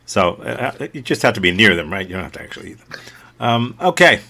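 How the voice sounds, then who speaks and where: A man's voice: lowish voice, very animated, brisk, vocal fry, bright, forceful tone. Joking man teaching improv on a video call. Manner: joking, self-mocking. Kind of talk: casual workshop talk.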